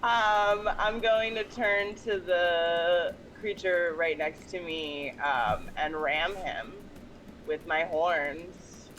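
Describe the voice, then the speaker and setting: A woman playing a tabletop game, talking casually in a relaxed, easygoing way. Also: lowish voice, very slow, a little hiss or hum, low-quality recording. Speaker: player.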